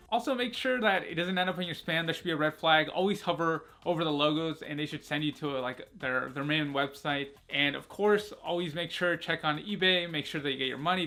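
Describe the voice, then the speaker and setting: Young man, bright tense voice, casual rambling storytelling, filler-heavy, self-mocking. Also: fairly high pitch. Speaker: vlogger.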